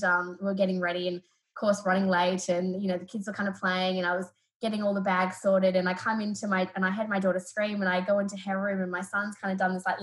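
A woman's voice: mid-range voice, poor audio. Woman, Australian accent, therapist, podcast guest, reflective, storytelling. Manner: reflective, animated when retelling stories. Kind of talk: podcast interview.

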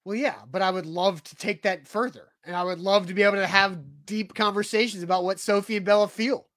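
High-voiced male co-host, dry sound. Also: fairly quick, no echo. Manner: relaxed, firm in his view, wraps up the show. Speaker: sports podcast co-host. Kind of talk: casual chat.

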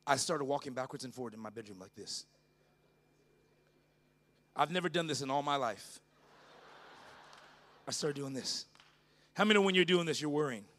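A middle-aged man preaching a sermon at a church conference, telling a story that moves from hushed narration to loud, fervent preaching. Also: mid-range voice, animated, normal speed, pauses often. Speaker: pastor.

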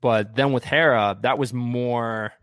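A man's voice: medium pitch, steady tone, measured pace, a bit bright, smooth, no echo, clean studio sound. A man chatting casually as a podcast co-host, rambling with frequent restarts and fillers. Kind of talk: casual fan chat.

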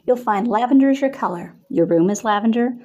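A woman's voice: a little high, animated, brisk, dark tone, highs cut off, voice pushed up. A woman voicing a bubbly, teasing and bossy young college woman who coos and giggles her orders, reading from a storybook. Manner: cooing, teasing, cheery.

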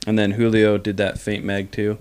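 A young man co-hosting a podcast in casual chat, an animated storyteller who keeps saying "like" and "you know what I mean". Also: fairly low pitch, moderate pace, clean tone. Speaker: podcast co-host.

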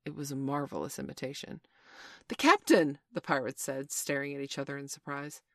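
Woman narrator, low voice, storybook reading, dry close sound. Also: completely flat delivery, fast, no echo.

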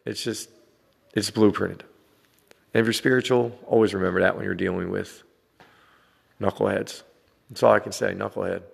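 A man in his forties delivers a blunt, swear-laden vlog rant with a low, gravelly voice. His words ring out with a long reverb, as if spoken in a hard, echoing room. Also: steady tone, moderate pace, pauses often. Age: 40s. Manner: blunt, swearing, laughing between lines. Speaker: vlogger dad. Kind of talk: casual rant to camera.

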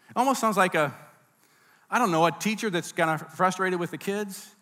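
Guy preaching a sermon, bright forceful voice, long echo of a big hall. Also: high-pitched, brisk. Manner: conversational teaching, asides and restarts. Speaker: pastor. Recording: reverberant hall.

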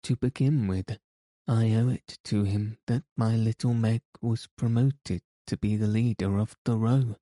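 A man voicing an excitable, indignant old female box keeper in an audiobook reading. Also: lowish voice, dry recording, studio quality.

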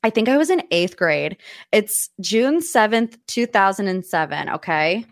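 A woman in her late twenties from the United States hosts a podcast from her studio office, talking in a chatty, gushing way with quick asides. Her voice sits at an ordinary middle pitch. The sound is dry and close. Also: lively intonation, no echo. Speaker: podcast host. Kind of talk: casual chat.

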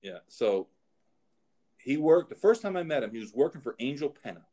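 A man's voice: mid-range voice, sing-song, moderate pace, mellow. A middle-aged man, a show host and horse trainer, telling rambling anecdotes in casual chat. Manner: rambling anecdotes, frequent restarts.

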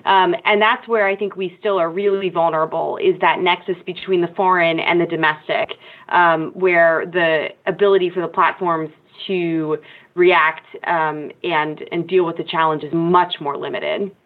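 A woman speaking as a guest expert in a panel discussion, measured and analytical, with frequent ums. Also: fairly low pitch, fairly even intonation. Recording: tinny phone-like remote line.

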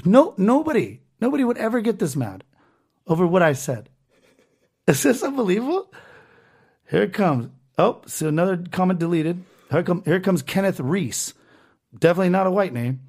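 A man hosts a loose, profane podcast and rants as he reads out online comments. His voice sits somewhat high for a man. He swears freely and talks in a casual, running way. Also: big pitch swings, moderate pace, darkish tone, slightly rough. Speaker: podcast host.

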